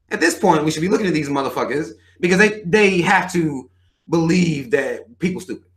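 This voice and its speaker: A man's voice: fairly high pitch, fairly bright tone. Heated, profane man ranting live. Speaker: live show host. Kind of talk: livestream rant.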